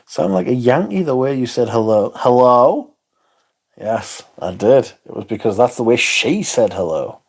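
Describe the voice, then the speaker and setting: A man in the middle of his usual pitch range hosts a relaxed livestream. He rambles from one viewer comment to the next, chuckles often and swears freely. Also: moderate pace, few pauses, slightly rough. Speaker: livestream host. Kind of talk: casual chat reading viewer comments.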